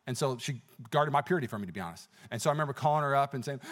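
A male pastor preaching a sermon, telling personal stories with energetic exclamations and a conversational, filler-heavy delivery. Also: on the high side, rapid-fire. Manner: conversational with many fillers and restarts.

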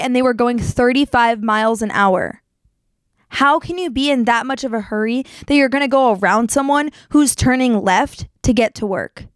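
A young woman hosting a show, telling a personal story in a casual, animated way and leaping up in pitch when she acts out what people said. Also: no echo. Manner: animated, jumps to high pitch acting out quotes. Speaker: podcast host.

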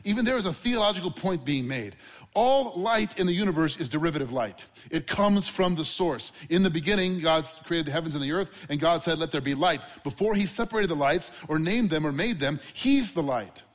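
Animated preacher in a reverberant church. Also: male voice, a little high, brisk. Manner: animated, conversational preaching with asides to the congregation. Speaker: pastor. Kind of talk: sermon.

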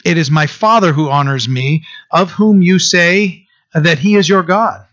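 A man teaching through a Bible passage verse by verse, reading scripture slowly and then explaining it in a loose conversational way with restarts. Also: fairly high pitch, a bit bright, highs cut off.

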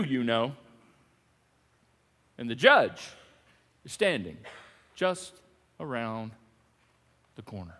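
A man preaching a sermon as pastor, animated and playful, swinging between loud emphasis and hushed lines. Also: mid-range voice, slow, pauses often, long reverb tail. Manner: playful, jokey asides.

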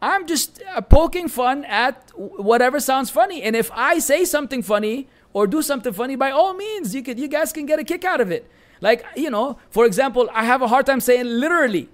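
A man with a Lebanese Arabic accent, a native Arabic speaker, answering viewer questions as an Islamic teacher in an animated, bantering live-stream chat that is sprinkled with Arabic phrases. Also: extremely high pitch, fairly quick.

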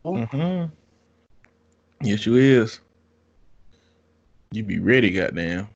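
A man's voice: fairly low pitch, big pitch swings, very slow, gravelly. A man in casual conversation, giving blunt, profane advice. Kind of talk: casual chat. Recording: dull lo-fi sound.

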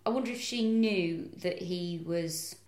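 A woman's voice: fairly low pitch, a little slow. A young woman co-hosting a comedy podcast, joking around and recounting case details. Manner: animated, jokey, recounts case facts. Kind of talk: casual comedic chat. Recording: roomy echoey podcast room.

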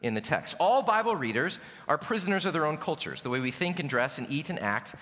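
Animated American man preaching, echoing hall. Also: a little high, fairly quick. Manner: earnest, emphatic preaching with rhetorical questions. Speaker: pastor. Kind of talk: sermon. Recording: long hall reverb.

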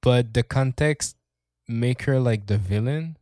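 A man's voice: medium pitch, slow pace, mellow, dry recording. Rambling, swearing man in casual chat. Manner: rambling, swears often, laughs mid-sentence. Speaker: podcast co-host.

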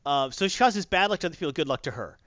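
Chatty guy talking comics, bouncy pitch, dry muffled mic. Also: racing, dry recording. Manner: rambling, animated, retells with voices. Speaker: podcast host. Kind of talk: casual comic review chat.

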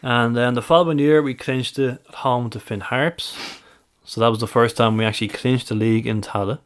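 Man, podcast co-host, stat-heavy chat, mid-pitched, steady delivery. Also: brisk. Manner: reels off stats and dates, methodical. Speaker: podcast co-host, stats presenter.

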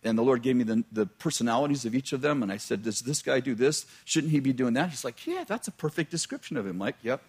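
A man's voice: mid-range voice, expressive, fast talker, hardly any pauses, a little mellow, husky. A middle-aged man, a pastor, telling a personal story in a sermon, chatty and laughing at his own jokes, often breaking off mid-sentence.

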